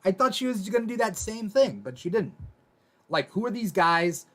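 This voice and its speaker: Higher-voiced man hosting an aftershow. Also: animated. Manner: reads viewer comments aloud, halting restarts. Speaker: aftershow host. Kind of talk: casual panel discussion.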